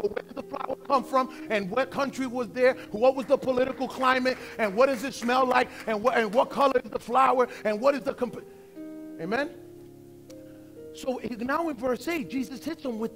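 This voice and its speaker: A man in his forties preaching a sermon as pastor, conversational and emphatic, slowing down to stress points. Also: very high voice, music in the background. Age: 40s.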